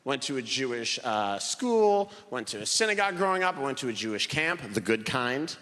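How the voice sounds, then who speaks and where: A man's voice: medium pitch, moderate pace. A man doing stand-up comedy, telling wry stories on stage in a live venue. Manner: animated, wry storytelling. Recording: live hall reverb, faint room noise.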